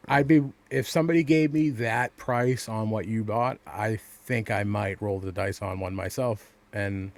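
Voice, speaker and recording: Rambling, low-voiced podcast guy. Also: unhurried, few pauses, no room sound. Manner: rambling, profane, frequent stammered restarts. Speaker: podcast co-host. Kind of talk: casual chat.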